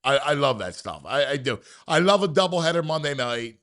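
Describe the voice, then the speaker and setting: A man hosting a casual sports talk show, excitable and stammering, quick to cheer. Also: medium pitch.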